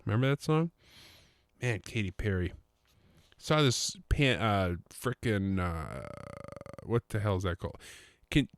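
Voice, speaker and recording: A man's voice: lowish voice, no echo. Rambling, joking man on a dry mic. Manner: rambling, self-interrupting, joking. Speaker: podcast host. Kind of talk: casual solo podcast monologue.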